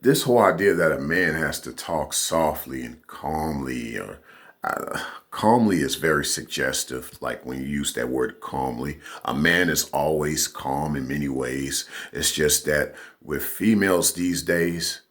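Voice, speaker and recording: A man's voice: extremely low pitch, a little slow, fairly bright tone. A man giving a casual, rambling opinion monologue as a vlogger, often checking in with "you know what I'm saying".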